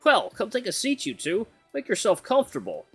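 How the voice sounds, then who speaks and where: A man voicing a broad, genial male guildmaster in a put-on Russian accent, slow and stately. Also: high-pitched, huge pitch swings, gravelly, a bit bright, breathy edge, no room sound, faint music behind, pitched above the performer's own voice, full character voice.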